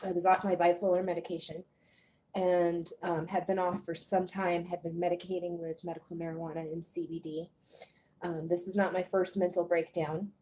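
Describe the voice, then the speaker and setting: A woman born in Germany, speaking hesitantly with many pauses in a personal confessional vlog, a little out of breath. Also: fairly low pitch, flat delivery, dark tone, a little hiss or hum. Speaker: vlogger.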